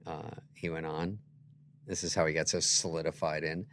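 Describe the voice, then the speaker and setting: A man who is a comedian guest in casual chat, telling animated, sarcastic stories and acting out quoted lines. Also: a bass voice, moderate pace.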